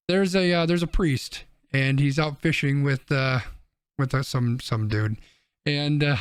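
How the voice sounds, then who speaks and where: A man's voice: fairly high pitch, no echo, studio quality. A man co-hosting a podcast, casually telling a long joke with plenty of restarts. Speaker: podcast co-host.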